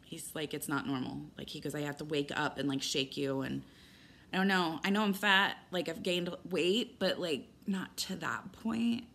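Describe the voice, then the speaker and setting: A woman's voice: low voice, moderate pace, vocal fry, a bit bright. A middle-aged woman giving a rambling, candid personal update as a vlogger, retelling events with quoted dialogue.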